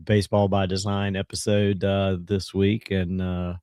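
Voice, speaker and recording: A man with a hoarse, nearly gone voice, chatting casually as a co-host of a sports show. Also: low-pitched, flat delivery, measured pace, darkish tone, no echo, studio quality. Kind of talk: casual chat.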